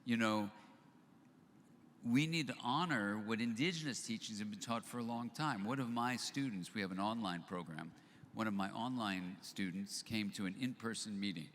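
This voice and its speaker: A man's voice: fairly low pitch, slight background noise. Older man telling stories in a reverberant hall. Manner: animated storyteller, acts out both sides of dialogues. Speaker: speaker at a live book launch event. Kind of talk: storytelling talk to a live audience. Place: event venue with audience. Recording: long hall reverb, faint ambience.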